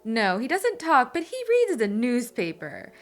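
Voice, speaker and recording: A woman chatting casually as co-host of a drawing channel, telling a story in detail with animated enthusiasm. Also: fairly high pitch, unhurried. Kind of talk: casual chat while drawing.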